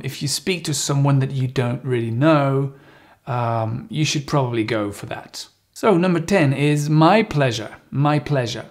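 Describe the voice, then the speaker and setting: A man's voice: on the high side, darkish tone. A man giving an English lesson as the teacher, playfully acting out phrases with exaggerated intonation. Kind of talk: video lesson.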